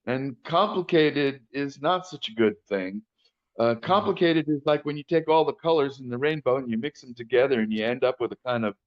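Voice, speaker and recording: Frank older man, slightly dull audio. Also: mid-range voice. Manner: frank, anecdotal, frequent "uh" and restarts. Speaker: casting director, guest. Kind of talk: interview conversation.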